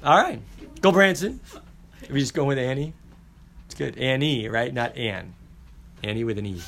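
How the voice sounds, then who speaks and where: A playful, animated man teaches a classroom, his pitch jumping up and down as he calls names and banters with students, like a casual first-day roll call. He speaks at normal speed with vocal fry, over slight background noise.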